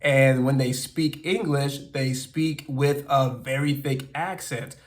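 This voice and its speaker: A man's voice: medium pitch, fairly even intonation, takes it slowly. A man from the United States with an American accent, talking earnestly and openly about his own experience in a personal vlog. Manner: earnest, open and self-reflective. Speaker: language-learning vlogger.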